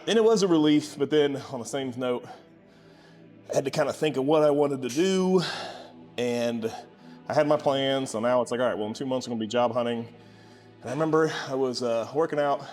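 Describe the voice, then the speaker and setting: A man, telling a casual story about starting his gym, sarcastic and lively when he quotes people. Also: medium pitch, moderate pace, pauses often, soft background music. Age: 20s. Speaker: gym owner vlogger.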